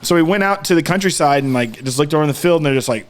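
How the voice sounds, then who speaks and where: A man with a slightly high voice and lively intonation talks rapid-fire as a podcast co-host. His casual chat rambles, full of fillers and restarts.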